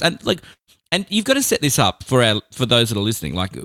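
A man's voice: medium pitch, fast talker, no room sound, clean studio sound. A man, a radio presenter reminiscing in casual conversation, acting out quotes and laughing often. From Australia. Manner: animated storyteller, acts out quotes, laughs often.

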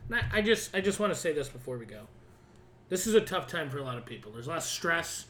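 A man's voice: a little high, big pitch swings, quick pace, a bit bright, a little hiss or hum. A man co-hosting a podcast in casual, crude, joking banter with a friend. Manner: joking, crude, talks over others. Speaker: podcast co-host.

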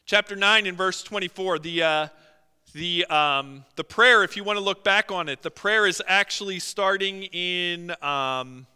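A man preaching a sermon as pastor, animated, acting out quotes and often using fillers. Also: high-pitched, a little slow, clear, resonant tone. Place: church sanctuary. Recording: long hall reverb.

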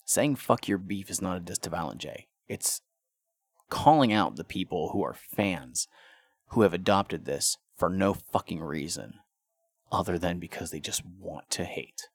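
A deep-voiced man talks through a casual podcast monologue, swearing freely and tripping over restarts as he rants. The sound is dry and close, with no room around it. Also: expressive, a little slow, breathy edge, dry recording. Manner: profane and ranting, with stammered restarts. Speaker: podcast host.

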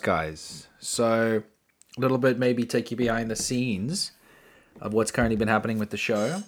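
A man's voice: fairly low pitch, normal speed. A man hosting his own podcast alone, rambling and joking with crude asides. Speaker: podcast host. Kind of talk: casual solo podcast chat.

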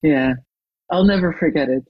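A coach and trainer, a guest in an interview, who tells a client story with lively retelling and acts out the quoted dialogue. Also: medium pitch, moderate pace, slightly rough, dry recording, lo-fi sound.

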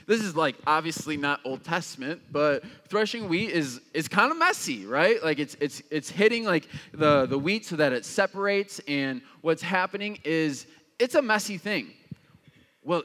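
A young male pastor gives a relaxed, chatty sermon, his voice set a little high and full of "like" and "uh" fillers. He leaps up in pitch whenever he acts out someone's reaction. The sound carries a long reverb, as if from a large hall. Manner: casual, conversational, with many fillers; animated, jumps high in pitch when acting out reactions.

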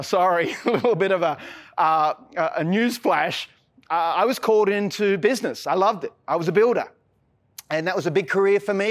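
A middle-aged Australian pastor preaching with a notably high voice for a man. He talks earnestly and down to earth. He pokes fun at himself now and then, in a relaxed, joking tone. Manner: earnest, self-deprecating preaching with a casual, joking streak. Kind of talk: sermon.

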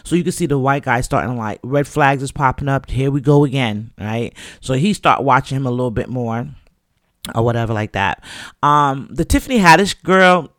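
A man's voice: mid-range voice, moderate pace, a bit bright, dry recording, studio quality. A man giving a casual, profane recap of a TV show and acting out the characters' lines as he goes. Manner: loose, profane storytelling that acts out characters' lines.

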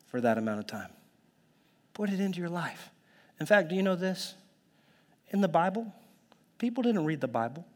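A fairly high-voiced man preaches a sermon in a big, reverberant church hall. His delivery is conversational and animated, full of asides to the congregation, sudden whispers and bursts of excitement. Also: a little fast, pauses often. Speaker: pastor.

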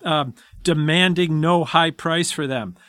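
Slow, measured man reading and explaining. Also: on the high side, fairly bright tone, no room sound. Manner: slow, measured, reads verses aloud. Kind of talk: reading scripture and discussing.

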